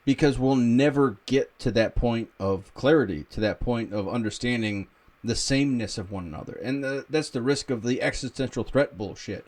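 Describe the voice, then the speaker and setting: A man's voice: mid-range voice, moderate pace, darkish tone. A man hosting a casual chat over a video call, joking and crude. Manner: joking, crude, wraps up the talk. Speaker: podcast host.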